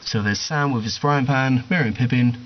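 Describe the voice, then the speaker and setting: A man's voice: mid-range voice, a little fast. Chatty man giving a collection tour. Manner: chatty and upbeat, with playful asides. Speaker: toy collection vlogger. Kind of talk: casual show-and-tell tour. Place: room at home with display shelves. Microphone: cheap digital camera. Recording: dull camera audio with faint hiss.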